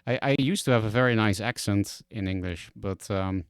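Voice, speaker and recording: A man's voice: lowish voice, moderate pace, clear, resonant tone, no room sound, clean studio sound. A young man from the Netherlands with a Dutch accent, chatting and ranting casually as a streamer, swearing and exasperated.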